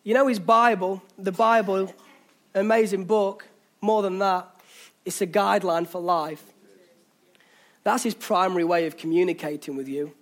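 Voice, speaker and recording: A man's voice: sits high, fairly even intonation, normal speed, fairly bright tone. A man with an English accent preaching a passionate sermon in a church, urging listeners on, with jokey asides. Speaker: pastor. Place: church hall.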